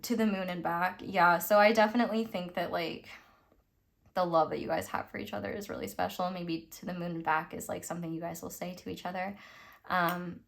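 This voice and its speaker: A woman's voice: fairly low pitch, steady tone, fairly quick, vocal fry. A young woman from the United States giving a casual, rambling tarot reading, full of fillers and little laughs. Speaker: tarot reader.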